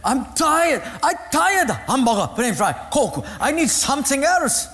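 A pastor doing a halting newcomer with broken English. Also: male voice, high voice, sing-song, fairly bright tone, long reverb tail, heavily acted. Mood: weary. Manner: clipped, halting word lists.

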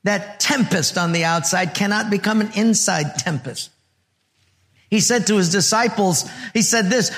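A male pastor preaching a sermon and telling a personal story, animated, dropping to a hushed murmur for his inner thoughts. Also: high-pitched, normal speed.

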